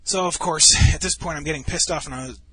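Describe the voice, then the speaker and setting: A man's voice: a little high, fast talker, noisy background. A man commentating over a game replay, telling a rambling, profane story in a casual way, full of restarts.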